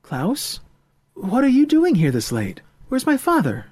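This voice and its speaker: A man voicing an excitable young woman who speaks in a bright, gushing, breathless way, in an audiobook. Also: a little high, unhurried, slightly rough, no echo, voice pushed up, full character voice. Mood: worried.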